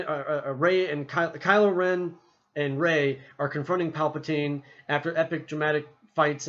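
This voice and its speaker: A man talking casually about a film he just saw, rambling with lots of restarts and acting out scenes in quick voices. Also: fairly high pitch, fairly bright tone, highs cut off. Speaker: movie reviewer.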